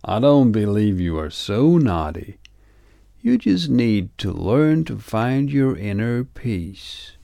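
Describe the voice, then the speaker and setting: A man voicing a very old, long-bearded hermit in a storybook, speaking slowly like a sage. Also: on the low side, sing-song, creaky, mellow, no echo, studio quality, exaggerated voice. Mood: calm. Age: older.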